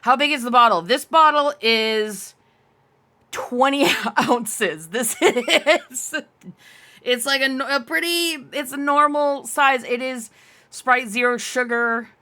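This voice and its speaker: A woman's voice: high-pitched, measured pace, bright, forceful tone, smooth. A young adult woman live-streaming, chatting casually with her viewers in a giggly, rambling way and answering chat aloud.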